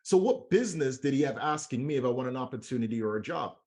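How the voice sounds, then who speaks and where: A young man giving a motivational training talk as an MLM trainer, telling a personal story in a slangy, animated way and acting out the dialogue. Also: mid-range voice, fast talker.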